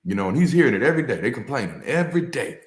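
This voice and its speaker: A man's voice: medium pitch, very animated, very fast. A man, a former pastor, giving a casual motivational talk with a preacher's cadence, repeating key lines and dropping slang and swear words. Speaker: ex-pastor and co-host. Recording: echoey room.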